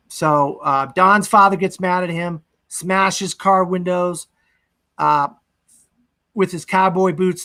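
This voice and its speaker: Young male co-host, a bit high, rambling plot recap, casual. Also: creaky, bright, forceful tone. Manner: rambling recap with fillers, acts out quotes. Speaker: podcast co-host. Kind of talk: casual movie discussion.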